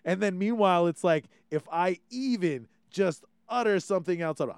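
A man from Hawaii, hosting a casual podcast chat in an animated, swearing way. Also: sits high, normal speed, clear, resonant tone, no echo. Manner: animated, swearing, many restarts. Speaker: podcast host.

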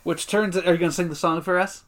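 Brief: male podcast co-host retelling episodes in a lively, casual way. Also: high voice, fast. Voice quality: lively storyteller, acts out quotes, swears casually. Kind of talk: casual recap chat.

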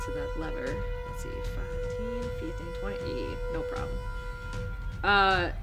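A woman player at a tabletop game speaks in a playful, animated way. Clearly audible music runs behind her voice throughout. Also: medium pitch.

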